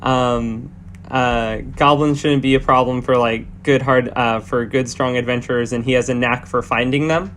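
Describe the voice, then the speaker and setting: A man narrates as game master of a tabletop game, halting often with many fillers and restarts. His mid-range voice is fairly bright with fairly even intonation, and there's a little hiss or hum in the recording.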